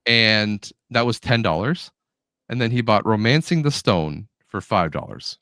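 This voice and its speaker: A fairly low-pitched man speaks at a measured pace while co-hosting a podcast, animatedly narrating a story and performing its characters' quotes in casual conversation. The recording is dry and studio quality.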